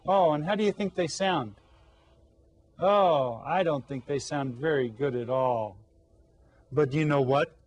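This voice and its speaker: A man's voice: a little high, animated, normal speed, darkish tone, dry recording. A man teaching a playful children's Spanish lesson, coaxing the kids with questions and mimicking animal sounds.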